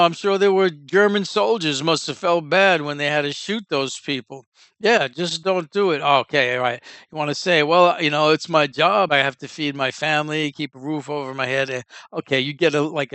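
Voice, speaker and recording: A man's voice: a little high, fairly bright tone, smooth, no room sound. A man hosting a casual news commentary podcast, rambling with many fillers and restarts, in a Northern US accent. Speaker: podcast host.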